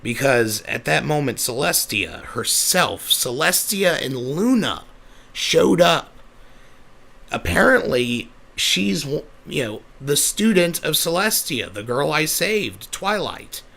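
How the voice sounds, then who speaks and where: A man voicing a rough, uneducated, big-hearted young male pegasus, telling his own backstory in a rambling, self-correcting, easily flustered way. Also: fairly high pitch, very animated, takes it slowly, pushed and bright, exaggerated voice. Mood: earnest. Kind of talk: in-character storytelling.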